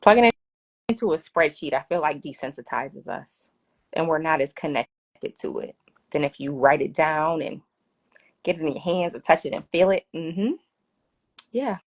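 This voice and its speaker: A woman's voice: sits low, expressive, moderate pace, breathy edge. A woman hosting a casual live finance Q&A from her phone, chatty and laughing often. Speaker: finance livestream host.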